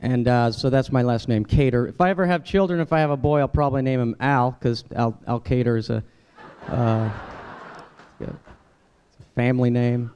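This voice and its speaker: A man from the United States performs a stand-up set for a live audience in a dinner event hall. His voice is fairly quick, darkish, and clean in tone, and he talks conversationally, jumping into exaggerated, high-pitched voices for the people he quotes.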